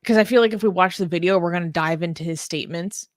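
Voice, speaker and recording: Young woman cohosting a news chat, casual, lots of ums, lowish voice. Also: quick pace, a crowd in the background. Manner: chatty, with many fillers and restarts. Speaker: co-host of a news talk show.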